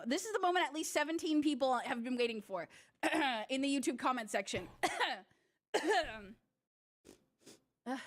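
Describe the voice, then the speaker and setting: A woman's voice: high voice, a bit bright. A woman streaming as a VTuber, chatting playfully and teasingly with frequent giggles. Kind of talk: casual live-stream chat.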